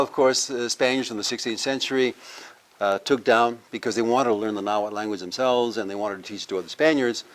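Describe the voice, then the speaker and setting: A man, a university professor, giving a live language lecture, explaining step by step and having the audience repeat words after him. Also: fairly low pitch. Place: cultural center with a live audience.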